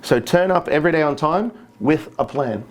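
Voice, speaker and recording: A man giving an interactive stage talk, quizzing the audience with brisk, encouraging check-ins. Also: a little high, lively intonation, a little hiss or hum. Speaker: speaker.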